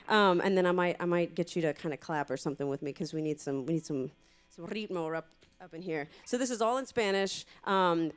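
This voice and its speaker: A woman's voice: on the low side, clear, resonant tone. A woman singer speaking casually on stage to an audience, with many fillers, before performing a song. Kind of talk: spoken introduction to a live song.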